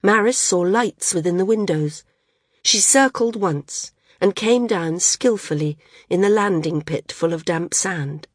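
A woman reading a novel aloud as an audiobook narrator, in a measured, unhurried storytelling manner. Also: fairly low pitch, dry recording, studio quality. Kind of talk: scripted narration.

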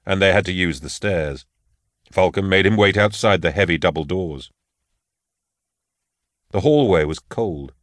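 A man narrating an audiobook in a measured, steady way. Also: low voice, no room sound, studio quality. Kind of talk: scripted narration.

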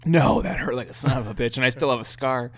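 A man's voice: medium pitch, fast talker, fairly bright tone, no echo. A young man hosting a podcast, telling a story casually, often laughing and swearing as he talks. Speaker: podcast host.

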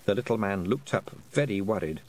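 A man reading a novel aloud as an audiobook, with expressive storytelling. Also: fairly low pitch, a little fast. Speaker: audiobook reader. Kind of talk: audiobook narration.

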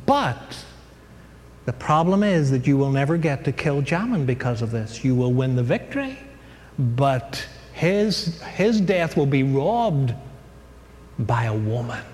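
A man voicing a stern, wise woman leader in a retold Bible story, speaking gravely and reluctantly. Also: mid-range voice, sing-song, measured pace, darkish tone, big-room sound.

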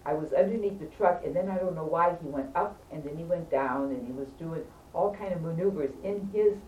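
A woman telling a casual story to friends in an animated, emphatic way, often checking in with her listeners. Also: sits low, brisk, lo-fi sound. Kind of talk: casual anecdote. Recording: roomy, distant, faint background hum.

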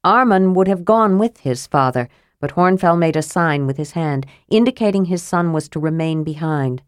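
A woman narrating a fantasy audiobook in a measured, steady reading. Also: sits low, clear, resonant tone, no echo, studio quality.

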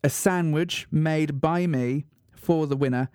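A man's voice: fairly high pitch, measured pace, darkish tone, clean tone, dry recording, studio quality. A man presenting a radio show in a mock-serious, self-mocking monologue. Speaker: radio host.

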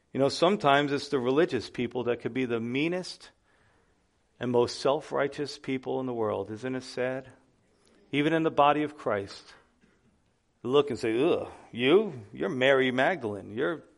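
A man preaching as a pastor, emphatic, swinging between loud urgent lines and hushed ones. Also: medium pitch. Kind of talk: sermon.

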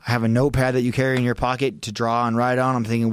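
A man's voice: medium pitch, level tone, racing, few pauses, smooth, dry recording. Swearing man telling a tense story. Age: adult with a young child. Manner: profane, urgent and emphatic, voice rising sharply at peaks. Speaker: podcast guest. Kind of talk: intense storytelling in a long-form podcast.

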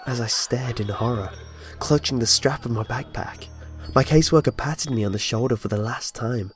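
A man's voice: mid-range voice, moderate pace. A man telling a first-person horror story with tense, dramatic narration. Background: faint music.

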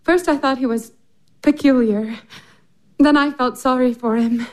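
A woman's voice: high voice, steady tone, unhurried, a little mellow. An actress playing a passionate, impulsive young woman with an urgent, emotional delivery. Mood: yearning. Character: passionate, reckless sister confessing forbidden love. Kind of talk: stage drama acting.

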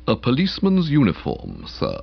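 A man reading aloud, voicing a grave, formal male valet who speaks measured and deferential and drops low at the ends of phrases. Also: wildly swooping pitch, creaky, full character voice. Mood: calm. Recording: slightly dull lo-fi recording.

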